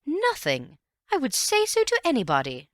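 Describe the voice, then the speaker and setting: A woman lifts her voice above its natural pitch into a high register for an audiobook role: a gushing, indignant, gossipy middle-aged society mother. Wildly swooping pitch and normal pacing mark her emphatic delivery, recorded in a clean studio with no echo.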